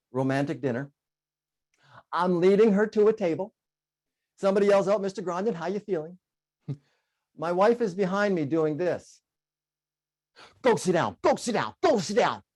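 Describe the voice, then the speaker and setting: A middle-aged man giving a humorous keynote speech to an online audience, telling stories with bursts of singing and laughter. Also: fairly high pitch. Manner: animated storyteller, bursts into sung "oh yeah" and laughs. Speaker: keynote speaker.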